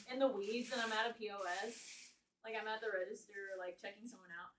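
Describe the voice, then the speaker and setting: A woman's voice: fairly high pitch, fairly even intonation, fast talker, recorded from a distance. Chatty young woman streaming from an echoey room. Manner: chatty, swears freely, laughs often. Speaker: livestreamer. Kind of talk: casual live-stream chat.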